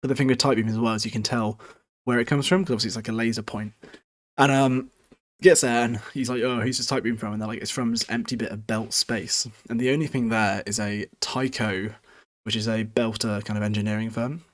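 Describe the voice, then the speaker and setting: Male podcast host, lowish voice, chatty book recap, self-mocking, loose and profane. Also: fairly even intonation, brisk. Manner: chatty, self-deprecating, swears freely. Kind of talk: casual chapter recap with quoted lines.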